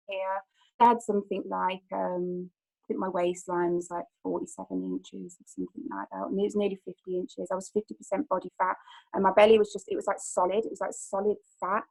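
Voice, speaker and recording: A woman in her thirties with a gravelly, creaky edge and a mid-range pitch. She tells her own story on a call in a rambling way, full of "like"s and restarts. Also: rough recording. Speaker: personal trainer. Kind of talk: personal testimony on a group call.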